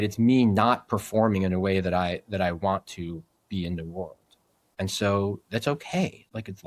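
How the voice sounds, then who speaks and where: A man's voice: deep voice, no echo. Earnest middle-aged man, dry close sound. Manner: earnest, reflective, with many restarts. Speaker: podcast guest, men's group leader. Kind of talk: casual conversation.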